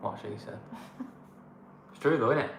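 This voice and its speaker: A blunt northern English man rants his way through a casual livestream chat at a mid-range pitch. He moans freely and says things as they are. His voice bounces around a roomy space with a light hum of background noise. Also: moderate pace. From northern England. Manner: blunt, ranting, fond of moaning. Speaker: co-host of a travel channel.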